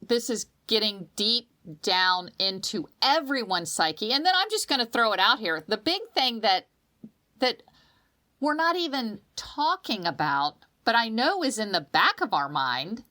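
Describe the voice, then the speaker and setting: Bright-voiced woman podcast co-host. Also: a little high, a little slow. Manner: expressive, restarts often, animated storytelling. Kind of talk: casual podcast chat.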